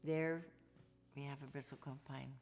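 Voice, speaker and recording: A singer-songwriter woman chatting casually to her viewers on a home livestream, loose and quick with asides. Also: extremely low pitch, steady tone, a little mellow, soft background music.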